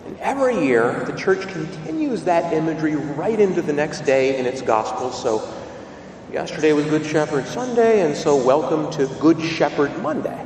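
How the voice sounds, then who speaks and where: A man serving as a priest, delivering a homily in a storytelling manner that swings up into high, excited tones. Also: moderate pace, a little hiss or hum. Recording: roomy hall reverb, voice from a distance.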